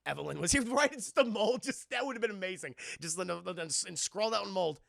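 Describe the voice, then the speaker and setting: A man reviewing a film live and chatting with his viewers, rambling, swearing and animated. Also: high-pitched, fairly quick, vocal fry, dry recording, clean studio sound. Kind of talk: casual chat with a live audience.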